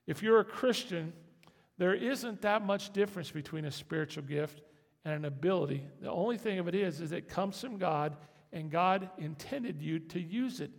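Folksy preacher guy in a church, gravelly voice, lots of hall echo. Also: sits high. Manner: folksy, conversational preaching with rising emphasis. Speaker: pastor. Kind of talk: sermon.

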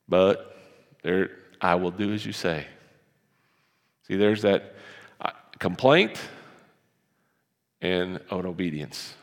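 A man's voice: sits low, slow pace, creaky, pauses often, big-room sound. A man preaching a sermon, talking conversationally and acting out the voices of the people in the story. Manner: animated, acts out Bible voices, conversational. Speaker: pastor. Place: church.

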